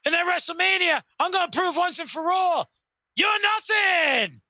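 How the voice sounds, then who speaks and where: A man's voice: extremely high pitch, animated, normal speed, bright, forceful tone, no echo, raised voice, muffled recording, pitched above the performer's own voice, full character voice. Man putting on a brash male wrestling star mocking his rival, thin-toned and dry. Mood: taunting. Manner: trash-talking, repeats his catchphrase. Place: at home.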